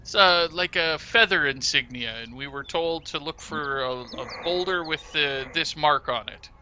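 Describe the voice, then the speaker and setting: A man's voice: a little high, moderate pace, bright, forceful tone, a little hiss or hum. A man playing a tabletop game, talking politely and a bit hesitantly, with fillers. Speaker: player. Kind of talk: tabletop game play, in and out of character.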